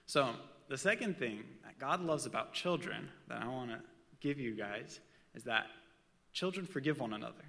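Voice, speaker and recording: A man's voice: medium pitch, animated, normal speed, vocal fry, pushed and bright, big-room sound. A man preaching a casual sermon with personal stories, talking in a conversational way with chatty asides.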